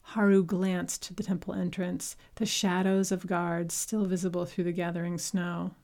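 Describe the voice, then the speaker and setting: A woman reading a story aloud as narrator, with a measured, unhurried delivery. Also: on the low side, level tone, a little mellow. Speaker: audiobook narrator. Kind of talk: scripted narration.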